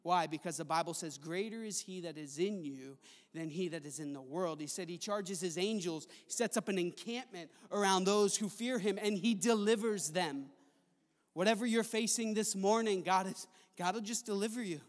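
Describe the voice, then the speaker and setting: A man preaching a sermon in a chapel, impassioned, moving between soft stretches and loud ones. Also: high-pitched, normal speed. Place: large chapel hall. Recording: long hall reverb.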